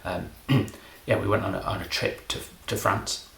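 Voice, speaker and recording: Deep-voiced deadpan man. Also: normal speed, gravelly, roomy sound, slight background noise. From England. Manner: deadpan, self-deprecating, meandering. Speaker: comedy magician. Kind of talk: rambling comedic monologue.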